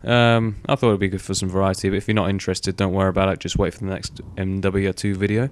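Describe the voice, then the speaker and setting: A young gaming video host rambles casually through gameplay commentary, swearing offhandedly and filling gaps with "um" and "like." His voice sits low, his tone stays level, and he talks fast.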